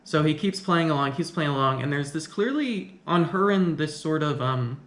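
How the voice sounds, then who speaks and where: A man's voice: on the high side, expressive, moderate pace. A man giving a casual film review, thinking aloud and questioning the plot as he goes. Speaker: film commentator. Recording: echoey room.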